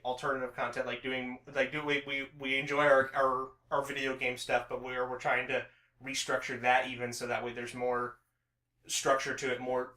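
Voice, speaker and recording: A man's voice: medium pitch, pushed and bright, echoey room. A man co-hosting a podcast in casual chat, rambling with many restarts and filler words. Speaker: podcast co-host.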